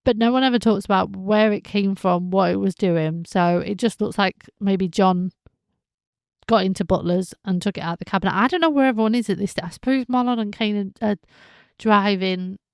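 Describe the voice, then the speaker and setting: Female podcast host, casual soap recap, animated, slips into characters' voices; slight fry, dry close mic. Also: mid-range voice, normal speed, dry recording. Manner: chatty, animated, acts out characters' lines.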